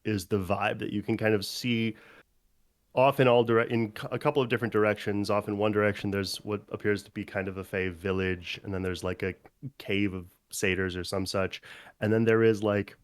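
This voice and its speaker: A man's voice: fairly low pitch, fairly even intonation, fairly quick, no room sound. A man narrating as game master, rambling casually with fillers.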